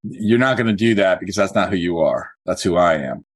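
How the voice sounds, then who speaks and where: A man coaching a real estate agent one-on-one, working through points methodically and repeating key phrases slowly. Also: sits low, animated, breathy edge.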